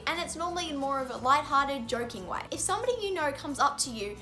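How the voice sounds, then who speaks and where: A young woman with a high, bright, ringing voice talks straight to camera, earnest and openly frustrated, leaning on repeated words for emphasis. Soft music plays faintly underneath. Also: expressive, fast talker. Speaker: vlogger. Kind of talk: explanatory vlog to camera.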